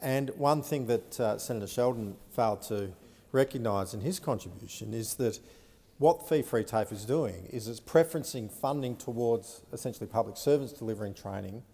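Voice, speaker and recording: Gravelly Australian man in a reverberant chamber. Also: medium pitch, warm tone. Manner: measured, frequent "uh" pauses. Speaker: senator. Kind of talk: parliamentary debate speech. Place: Senate chamber. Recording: long reverb of a large chamber.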